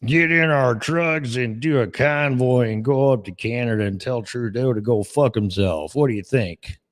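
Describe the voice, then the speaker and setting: A man's voice: mid-range voice, normal speed, lightly acted. A man doing a folksy, drawling trucker. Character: folksy male trucker calling for a convoy.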